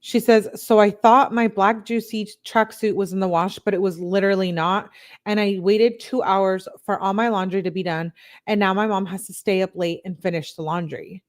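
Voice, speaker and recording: Her voice is mid-range, fairly even in intonation, and moves at a normal pace. As a true-crime commentator, this woman reads out text messages, lifting her voice slightly on the quoted lines and breaking off for frank, blunt remarks.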